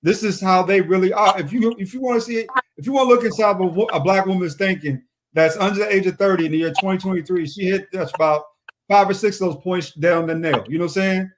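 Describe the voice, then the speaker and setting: A man's voice: high-pitched, fast talker, slight background noise. A man talking as a guest in a casual chat, opinionated and rambling.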